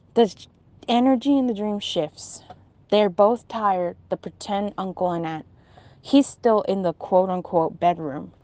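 Young adult woman, casual storyteller, animated and breathless delivery. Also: medium pitch. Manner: breathless, animated retelling with quoted dialogue.

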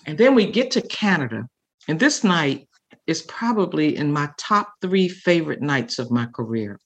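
An older woman, a guest on an interview show, telling stories in an animated and expressive way, acting out the voices she quotes. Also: low voice, normal speed. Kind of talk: storytelling in a podcast interview.

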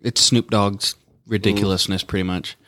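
A man's voice: lowish voice, steady tone, normal speed, a bit bright. A young man in casual chat with friends, wry and teasing.

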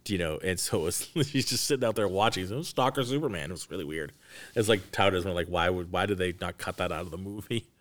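A man hosting a casual podcast chat. He talks in an animated way, with many restarts and asides. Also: deep voice, fairly quick. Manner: animated, acts out scenes in quoted voices. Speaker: podcast host. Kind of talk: casual chat about movies.

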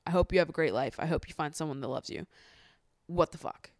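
A woman with a slightly low voice talks straight into a close mic in a casual podcast chat. She is candid and blunt and swears freely. The room sound is dry and dead. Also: quick pace, darkish tone, no room sound. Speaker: podcast host. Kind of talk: casual chat recapping a reality show.

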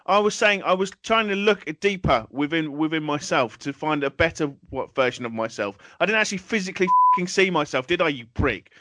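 A man rants his way through comedy podcast banter, exasperated and swearing often. His voice is bright and forceful, recorded dry and close with no room sound. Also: on the high side, expressive, brisk, few pauses, dry recording. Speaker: podcast co-host.

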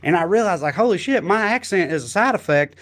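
A man's voice: high voice, expressive, quick pace, a bit bright. Wry man joking around. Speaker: podcast co-host. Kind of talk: casual chat.

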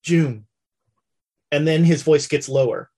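A woman narrating a tabletop western role-play as game master, halting and full of fillers. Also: sits low, dark tone, husky.

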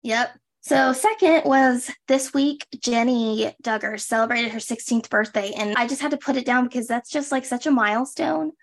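Young woman cohosting a podcast, kinda high voice, rambly and chatty. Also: moderate pace, creaky. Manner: chatty, trails off and restarts, lots of "like". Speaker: podcast co-host. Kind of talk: casual chat.

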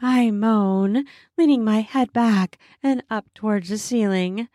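A woman narrating a first-person erotic audio story in a breathy, intimate voice. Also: medium pitch, takes it slowly, dry recording, studio quality. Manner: breathy and intimate, slipping into soft moans.

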